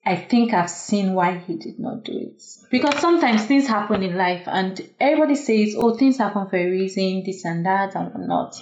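A woman's voice: medium pitch, animated, moderate pace, few pauses, darkish tone. A young woman, a doctor, telling a personal story in an earnest, reflective way, with many fillers. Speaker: guest. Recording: echoey room, dull lo-fi sound.

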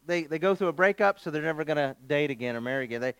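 A male pastor preaching a sermon, telling a funny story in an animated, joking way. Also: a little high, very fast, clean tone, dry recording, dull audio.

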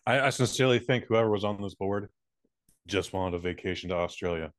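Man, podcast co-host, very deep voice, dry studio sound, deadpan humor. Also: a little fast, no echo. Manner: wry, deadpan quips. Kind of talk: casual comedic chat.

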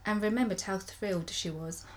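A woman's voice: medium pitch, normal speed, darkish tone, a little hiss or hum. A woman co-hosting a podcast, reading a story aloud and often breaking into giggles. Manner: giggly, reads with frequent laughter. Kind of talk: casual chat and reading aloud.

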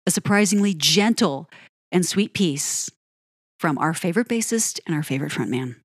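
A woman giving an admiring, unhurried commentary on a pop ballad. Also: on the low side, expressive, no echo, studio quality. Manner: admiring, lingers on phrases, sings lyric snippets. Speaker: music reviewer. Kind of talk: song-by-song music commentary.

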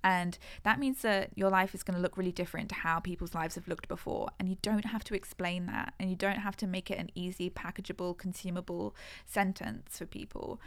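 A woman co-hosting a podcast, speaking in an earnest, reflective tone. Her voice has a gravelly fry to it, and she talks in drawn-out, thoughtful phrases as casual chat. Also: fairly low pitch. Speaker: podcast co-host.

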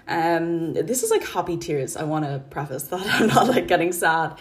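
A woman hosting her podcast, talking in a calm, chatty, rambling way into her phone at home. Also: sits low, moderate pace. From Ireland. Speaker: podcast host and mindset coach. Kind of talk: casual spoken podcast chat. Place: her apartment.

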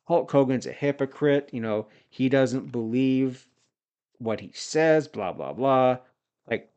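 A man from Canada in his forties, hosting a wrestling podcast in an unhurried, laid-back delivery. He drifts into jokey asides and shout-outs while he recaps matches at a mid-range pitch. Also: lo-fi sound. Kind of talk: casual recap commentary.

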